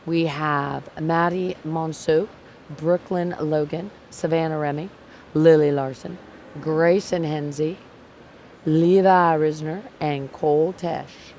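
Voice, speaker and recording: Speaking slowly in a low, darkish voice with fairly even intonation, this woman runs a livestream of a livestock show from the arena on a clip-on mic. A faint hiss or hum sits under her chatty, self-mocking, joking commentary.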